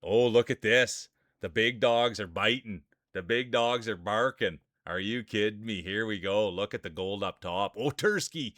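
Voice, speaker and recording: A man's voice: lowish voice, a little slow, fairly bright tone, dry recording, clean studio sound. A man commentating live marble races on his stream, chatty and rambling, greeting viewers by name and breaking into laughter at wild moments. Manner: hype-building, calls out viewers by name.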